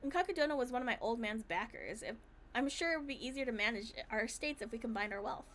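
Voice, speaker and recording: Woman doing haughty rich young man, condescending, high bright voice. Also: lively intonation, quick pace, slight background noise. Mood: smug. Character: arrogant rich young man, spoiled heir.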